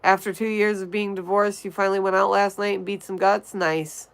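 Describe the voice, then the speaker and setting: A woman's voice: mid-range voice, flat delivery, fairly quick, vocal fry, clean tone, poor audio. A young woman from Connecticut hosting a casual livestream, chatting and greeting viewers by name as she reads the chat. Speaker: livestream host.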